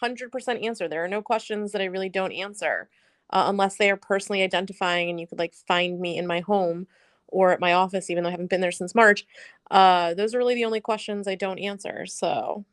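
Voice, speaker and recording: A woman's voice: medium pitch, steady tone, fairly quick, no echo. A woman hosting a casual live audio chat, talking frankly and chattily and laughing easily. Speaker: podcast host.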